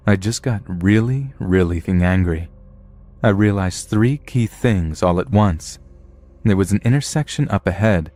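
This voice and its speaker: Deep-voiced man narrating a horror story. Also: a little mellow, no echo. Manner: blunt, profane storytelling.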